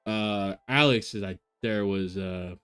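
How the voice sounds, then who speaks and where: A man's voice: fairly low pitch, slow pace, fairly bright tone, smooth, soft background music. A man chatting casually on a live stream, thinking aloud with many fillers and restarts. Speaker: reaction streamer.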